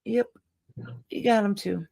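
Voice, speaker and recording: A woman co-hosting a casual livestream, teasing and quick to laugh. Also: mid-range voice, gravelly, mellow, no echo. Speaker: livestream co-host. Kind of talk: casual chat.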